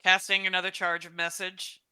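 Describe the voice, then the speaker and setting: Bright, clear-voiced woman player. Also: fairly low pitch, level tone, fairly quick, no echo. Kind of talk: tabletop game play.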